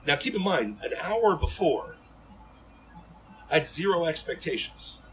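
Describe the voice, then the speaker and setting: A man from Ohio telling stories as a podcast guest in an animated, rambling way full of fillers and restarts. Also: on the high side, unhurried, slight background noise, poor audio. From Ohio, USA. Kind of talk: casual storytelling in an interview.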